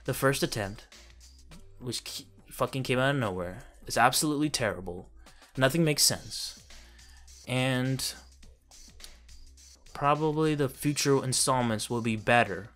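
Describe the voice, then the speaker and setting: A man's voice: mid-range voice, measured pace, pauses often, a bit bright, soft background music. A man giving a casual, profane and sarcastic review of a film he finds ridiculous, laughing as he rants. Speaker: movie reviewer. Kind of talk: casual ranting movie review.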